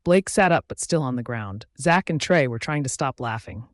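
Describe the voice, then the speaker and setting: Man, story narrator, first-person reading, steady even pace, mid pitch, dry close sound. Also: normal speed, no room sound.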